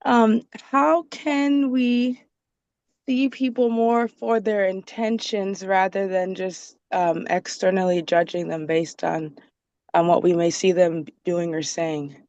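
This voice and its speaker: A woman's voice: medium pitch, little pitch movement, slow, a little mellow, dry recording, lo-fi sound. A woman in the audience politely and hesitantly asking the speaker a question.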